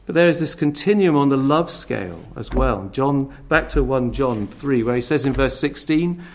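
Gravelly, animated man preaching a sermon. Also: medium pitch, normal speed, a little hiss or hum. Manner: expressive, swings between loud emphasis and near-whispered asides; acts out scornful attitudes in quoted voices.

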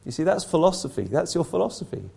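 A man's voice: on the high side, big pitch swings, fast, gravelly, mellow, breathy edge. Man preaching with rising emphasis. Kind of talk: sermon.

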